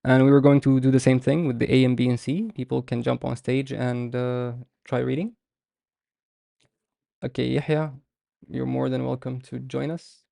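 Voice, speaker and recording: This young man's voice is mid-range, creaky and mellow, with a flat delivery. He teaches a beginners' Arabic lesson live online, patiently going over letters and repeating example words slowly, in a clean studio recording without echo.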